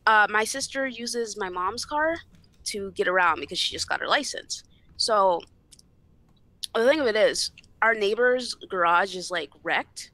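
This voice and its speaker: A woman's voice: mid-range voice, expressive, a little slow, bright, forceful tone, no room sound. A young woman guest on a podcast, bluntly retelling a family argument with lots of swearing and acted-out dialogue. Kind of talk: casual storytelling chat.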